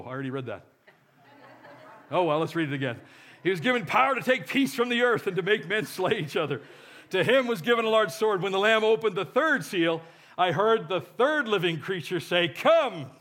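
A man's voice: fairly high pitch, pushed and bright. A man preaching a sermon, reading scripture with joking asides and leading the congregation in call-and-response. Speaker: pastor.

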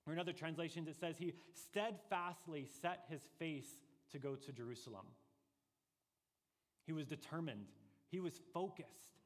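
Earnest male preacher in a reverberant hall. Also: on the high side. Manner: earnest, deliberate preaching with rising emphasis. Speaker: pastor. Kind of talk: sermon.

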